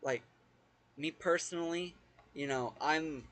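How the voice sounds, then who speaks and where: A man's voice: a little high, takes it slowly, fairly bright tone. A young man giving casual let's-play commentary as a gaming host, rambling and hesitant, often repeating words and swearing offhand.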